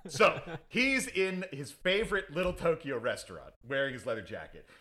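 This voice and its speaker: Animated, rambling, sarcastic man. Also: a little high, normal speed. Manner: rambling, sarcastic, swears freely. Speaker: podcast co-host playing defense lawyer. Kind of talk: comedic movie recap.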